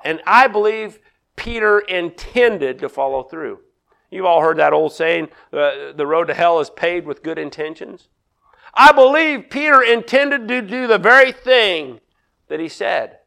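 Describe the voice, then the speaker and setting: A middle-aged male pastor preaching a sermon, acting out quoted lines with big swings in loudness. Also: high-pitched, creaky.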